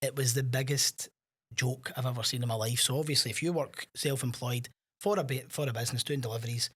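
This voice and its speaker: A Scottish man co-hosting a podcast in casual chat, telling animated anecdotes and acting out the voices of people in his stories. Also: medium pitch, quick pace, slightly rough. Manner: animated storyteller, acts out quoted voices. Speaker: podcast co-host.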